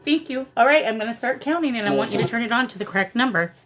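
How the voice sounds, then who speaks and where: A woman hosting a live paranormal spirit session, coaxing the spirits and greeting her viewers in a warm, emotional way. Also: a little high, expressive, very fast. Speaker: paranormal livestream host.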